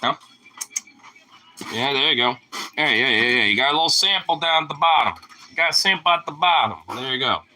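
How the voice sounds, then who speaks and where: A man's voice: mid-range voice, a little fast, pauses often, sharp tone. A young man casually filming his dog and teasing it in playful baby talk.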